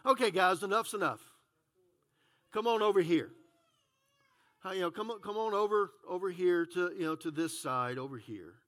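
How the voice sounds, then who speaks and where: A preacher voicing a bold, defiant male prophet in a lowered, firm retelling voice. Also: moderate pace, pauses often, fairly bright tone. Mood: coaxing.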